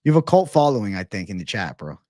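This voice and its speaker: A man hosting a live stream in casual chat, animated, swearing and calling everyone 'bro'. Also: fairly low pitch, fast, dry recording, clean studio sound. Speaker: stream host.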